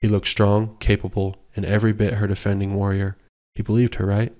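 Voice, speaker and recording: Low-voiced male audiobook narrator. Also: flat delivery, fairly quick, darkish tone. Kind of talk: scripted narration.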